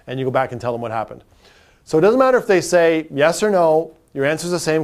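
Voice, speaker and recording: A man teaching car sales technique, talking directly and acting out quick salesman and customer exchanges. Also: fairly high pitch, lively intonation. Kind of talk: sales training talk with role-play examples.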